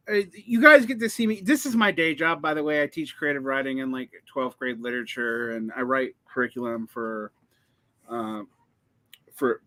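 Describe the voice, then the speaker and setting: A man's voice: medium pitch, pushed and bright, no echo. A man hosting a casual conversation, explaining language history in a digressive, lecturing way with many fillers and restarts. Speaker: host, teacher.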